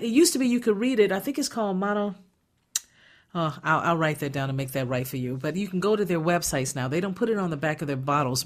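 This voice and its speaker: A woman hosting a radio talk show, chatty and emphatic, often restarting her sentences. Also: mid-range voice. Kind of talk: casual radio chat. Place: radio studio.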